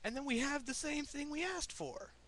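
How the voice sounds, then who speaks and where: A man's voice: extremely high pitch, expressive, normal speed, fairly bright tone. A young American man ranting angrily in a profane, confrontational political vlog. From United States. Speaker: vlogger. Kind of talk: angry political rant vlog.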